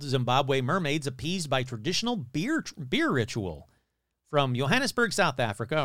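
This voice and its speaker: A man's voice: mid-range voice, fairly bright tone, no room sound. A man hosting a casual podcast, telling stories with swearing and sarcastic, skeptical asides into a close mic. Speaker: podcast host.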